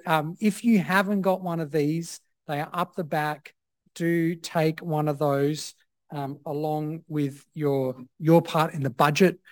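Pastor, measured sermon delivery. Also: male voice, a little high, no echo, clean studio sound. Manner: measured, reflective, with frequent "uh" fillers.

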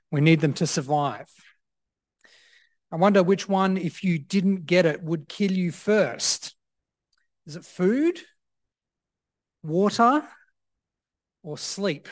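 A man preaching a sermon as pastor, measured and reflective, with frequent "uh" fillers. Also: sits high, a little mellow, dry recording, clean studio sound.

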